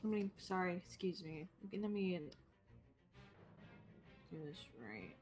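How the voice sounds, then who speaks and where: Quiet woman player with brief asides. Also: fairly low pitch, big pitch swings, takes it slowly, over music. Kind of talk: tabletop game chat.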